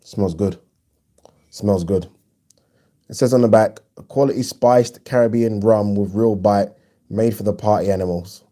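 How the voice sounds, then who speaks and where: A man hosting a casual live stream, chatting and reading viewer comments aloud in an animated way. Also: on the low side, unhurried, pauses often. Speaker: boxing channel host.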